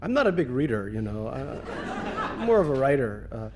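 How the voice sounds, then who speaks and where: A man's voice: mid-range voice, sing-song, moderate pace, background noise. A man from Russia, an author talking onstage at a reading and taking audience questions, self-mocking and joking. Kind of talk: onstage conversation and Q&A. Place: stage in an event hall.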